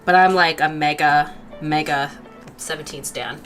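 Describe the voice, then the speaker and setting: A woman's voice: low voice, steady tone, measured pace, fairly bright tone, soft background music. A young woman hosting an art livestream, chatting casually and giggling, with lots of fillers while she draws. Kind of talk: casual chat while drawing.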